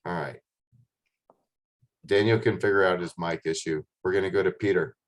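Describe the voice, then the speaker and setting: Hosting a casual group video call, this man greets people by name in an upbeat, encouraging way. His voice is low and his pace moderate.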